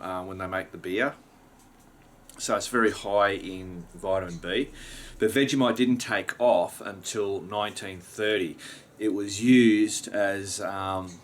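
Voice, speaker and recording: An Australian man talks to his vlog audience in a loose, rambling way, dropping mild swears as he goes. His voice sits on the low side and sounds like he has just woken up. A faint hum of background noise sits under the recording. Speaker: vlogger. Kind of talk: casual chat to camera.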